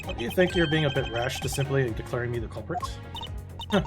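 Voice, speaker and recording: A man's voice: mid-range voice, animated, fairly quick, natural voice. Dude putting on a snooty prosecutor lady, fake german accent, clipped, music behind. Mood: haughty. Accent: attempted German. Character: proud, cold young female prosecutor. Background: game music.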